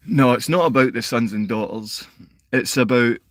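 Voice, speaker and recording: Speaking at a normal speed in a medium pitch, this Scotsman, a father and livestream host, answers his chat with insults and aggression, at times breaking into shouting. The recording is dry.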